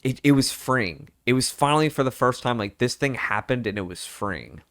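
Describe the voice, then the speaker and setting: A young vlogger chats to the camera about personal matters in a candid, rambling, animated way, full of fillers and quotes of his own past thoughts. His voice is average in pitch and his pace moderate. The recording is close and dry, with almost no room sound.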